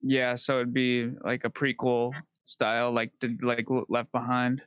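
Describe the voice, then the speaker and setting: A man's voice: medium pitch, completely flat delivery, unhurried, a bit bright, smooth, dry recording. A man co-hosting a casual podcast chat, joking and laughing often. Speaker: podcast co-host.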